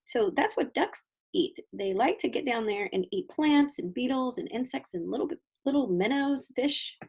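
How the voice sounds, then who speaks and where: Female kindergarten teacher reading a picture book aloud; higher voice with some fry, asks the kids questions, explains as she goes. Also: normal speed. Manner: animated, questioning storybook voice for children.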